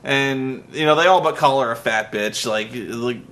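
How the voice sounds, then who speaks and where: A man's voice: mid-range voice, moderate pace, fairly bright tone. A man giving a profane, exasperated comedic rant as a wrestling show reviewer, mocking what he watched. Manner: exasperated, mocking, heavy swearing.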